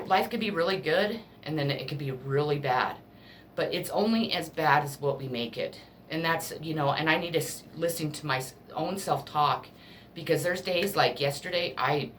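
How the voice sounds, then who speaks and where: A woman's voice: low voice, normal speed, a little hiss or hum. A woman reading tarot cards in a casual spiritual pep talk, earnest and emotional, blunt and ready to swear. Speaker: tarot card reader.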